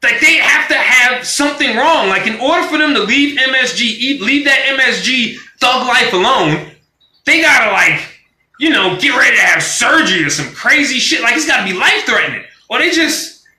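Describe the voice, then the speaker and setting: High, bright-voiced man ranting profanely. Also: normal speed, echoey room. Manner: animated, profane, acts out quoted voices. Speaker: vlogger on a live stream. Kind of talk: casual profane rant.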